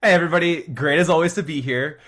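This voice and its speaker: A man co-hosting a podcast in casual talk, self-deprecating and quick to laugh. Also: fairly high pitch, a bit bright. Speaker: podcast co-host.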